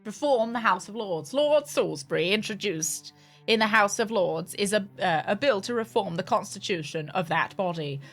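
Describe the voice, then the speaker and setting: A woman's voice: medium pitch, expressive, moderate pace. A woman streamer reads game text aloud in a mid-range voice, tripping over words and fixing them on the fly. She breaks off into casual asides, and faint music plays underneath. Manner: chatty, stumbles and corrects herself mid-sentence.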